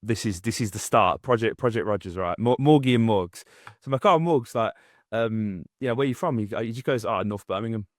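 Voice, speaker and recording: A young man rambles through a story with lots of restarts and fillers. His voice sits fairly low. The recording is dry and close, with no room sound. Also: a little fast, no room sound. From English Midlands. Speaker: podcast co-host. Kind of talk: casual chat.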